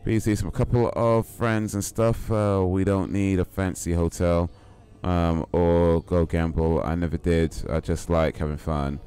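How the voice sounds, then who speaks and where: A man's voice: deep voice, flat delivery, a little slow, few pauses, mellow, smooth. A young man chatting casually while streaming a game, in a rambling, laid-back, slangy way. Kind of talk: casual live-stream chat while gaming.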